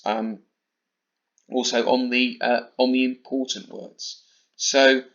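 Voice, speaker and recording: Slow, careful English male teacher. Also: mid-range voice, fairly bright tone. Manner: slow, careful delivery with deliberate pauses. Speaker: primary school teacher. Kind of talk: recorded home-learning lesson. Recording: slightly dull lo-fi recording.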